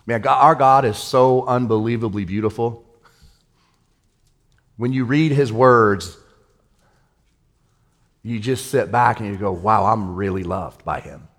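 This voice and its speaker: A male pastor giving a sermon in a casual, excitable way, with everyday slang. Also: lowish voice, a little slow, long pauses.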